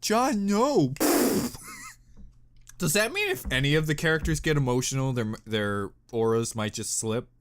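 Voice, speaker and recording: A young man chats through a reaction video with a bright, forceful tone. His pitch swings widely as he jumps from excited outbursts to quiet mumbling, and he often breaks into giggles. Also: a little fast, few pauses, a little hiss or hum. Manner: animated, giggly, jumps between loud bursts and mumbling. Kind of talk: casual reaction commentary.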